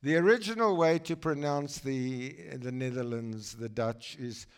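A man's voice: medium pitch, unhurried, smooth. A man from South Africa giving an enthusiastic, chatty guest talk in church while showing slides. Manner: enthusiastic, exclaiming, chatty asides. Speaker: guest speaker.

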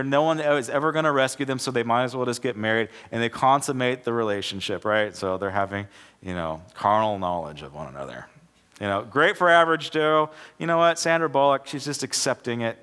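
A man's voice: medium pitch, fairly bright tone. A young man preaches to his church in an easy, chatty way and often starts a phrase over. His voice sits in an ordinary middle range. He speaks as if telling a story to friends. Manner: conversational, repeats and restarts words, acts out quoted characters. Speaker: pastor. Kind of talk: sermon with a joke told as illustration.

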